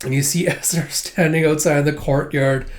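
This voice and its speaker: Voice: medium pitch, fairly even intonation, moderate pace. A casual reader going through a comic, swearing and laughing along. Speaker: manga reader.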